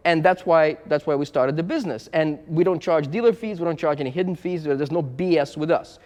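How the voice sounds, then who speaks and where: A man's voice: fairly high pitch, fairly quick, a little mellow, big-room sound. A man who runs a used car business, talking frankly and bluntly to the camera in a casual vlog and repeating himself as he goes.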